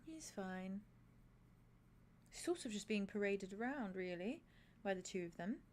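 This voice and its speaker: A shrewd grandmother with a sharp mind for politics, played by a woman in a tabletop game. She talks in a dry, measured, slightly formal way, at a middle pitch that neither rises nor sinks far. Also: animated, close to an everyday voice. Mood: wary. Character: shrewd, wary grandmother, a clever female politician. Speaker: player voicing a grandmother character. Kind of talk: in-character tabletop role-play.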